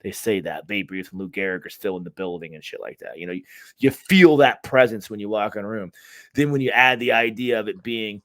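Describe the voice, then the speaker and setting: Low-voiced man ranting casually. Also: fairly quick, dry recording. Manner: rambling, profane, restarts often. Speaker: podcast co-host. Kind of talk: casual chat.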